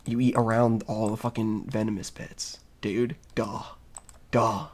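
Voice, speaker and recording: A man's voice: lowish voice, little pitch movement, a little slow, darkish tone. A young man streaming, giving crude, rambling, joking commentary while reading. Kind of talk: casual gaming commentary.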